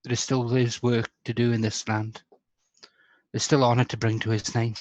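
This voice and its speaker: A man's voice: medium pitch, little pitch movement, moderate pace, darkish tone, no room sound. A man playing a samurai in a tabletop game, speaking in a formal, stately manner. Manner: formal, stately in-character speech. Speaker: player. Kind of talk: in-character tabletop role-play. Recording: dry, dull lo-fi audio.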